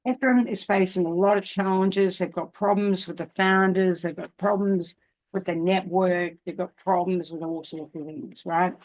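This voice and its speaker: Older Australian woman, low emphatic voice. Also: fairly even intonation, normal speed, darkish tone. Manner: emphatic, keeps checking in with okay. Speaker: crypto commentator. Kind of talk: casual talk to camera.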